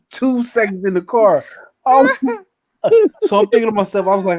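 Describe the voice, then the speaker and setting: A man telling a story in casual chat, animated and profane, acting out other people's lines. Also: high voice, normal speed, dry recording. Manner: animated, profane, acts out quotes.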